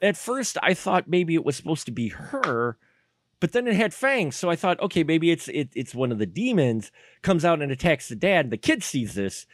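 Guy on a movie podcast, bit high voice, super lively, laughs a lot, dry close mic. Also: moderate pace, dry recording. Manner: animated, laughs often while recapping scenes. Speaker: podcast co-host. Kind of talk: casual movie discussion.

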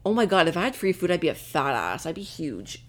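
Young woman, co-host, casual chatter full of "like", lively swooping pitch. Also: brisk. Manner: chatty, lots of "like" and laughing. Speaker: podcast co-host. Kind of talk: casual chat.

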